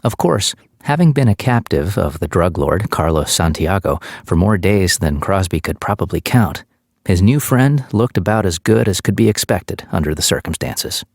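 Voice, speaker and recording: Male audiobook narrator, low voice, steady measured read, dry close mic. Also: dry recording.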